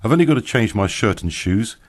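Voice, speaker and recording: Glib teasing barman friend, low voice, storybook figure, read by a man. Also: expressive, brisk. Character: male bar owner and musician, joking friend.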